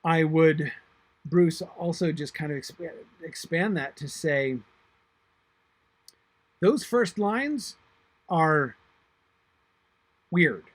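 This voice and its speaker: A man teaching a literature class, reading verse aloud slowly and thinking aloud with many fillers and restarts. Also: on the high side, expressive, no echo. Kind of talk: online class discussion of a poem.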